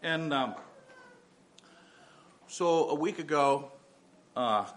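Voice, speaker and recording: A man's voice: fairly high pitch, very slow. A man in his fifties, a pastor giving a sermon, moving from earnest personal storytelling to emphatic preaching with many restarts.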